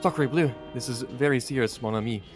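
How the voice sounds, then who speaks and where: A portly French sleuth holds forth with slow, self-important grandeur in a put-on French accent, as a man voices him for a game. The voice sits at a middling pitch, and faint game music plays beneath it. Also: close to an everyday voice. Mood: pompous.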